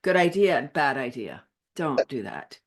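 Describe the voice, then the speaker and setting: With a rumbling low voice at a moderate pace, this middle-aged woman from Canada sounds very animated. She's a wellness advocate guest in a casual interview, telling playful stories and laughing frequently.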